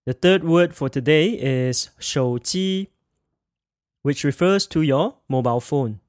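In this studio-quality, echo-free recording, a man whose voice sits on the high side teaches pronunciation. Spelling sounds aloud, he speaks slowly and precisely, pausing so the listener can echo every word as a language teacher would.

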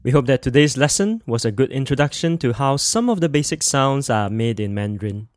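A man hosting a podcast language lesson, modeling sounds slowly and clearly for listeners to repeat. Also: mid-range voice, animated, a little hiss or hum. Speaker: language teacher and podcast host.

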